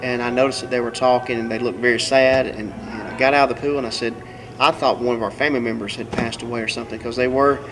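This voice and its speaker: Quiet guy telling a memory slowly, noisy background. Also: mid-range voice, steady tone. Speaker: interviewee.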